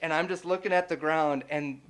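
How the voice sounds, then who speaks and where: A young man co-hosting a casual podcast chat, telling a story with lots of fillers, swearing and loud acted-out quotes. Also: on the high side, a little fast, clean tone. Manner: animated, swears freely, acts out quotes loudly. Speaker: podcast co-host.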